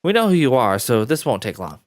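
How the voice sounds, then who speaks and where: A man voicing a pushy middle-aged male police detective who asks brisk, insistent questions. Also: medium pitch, very animated, no room sound, natural voice. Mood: coaxing.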